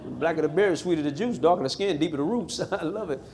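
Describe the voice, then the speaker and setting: A pastor from Missouri, around sixty, tells his own story to a live audience in a chapel. His voice sits a touch higher than most men's. He speaks with the emphatic, rhythmic pull of a preacher. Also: quick pace, background noise. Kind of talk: live testimony talk to an audience.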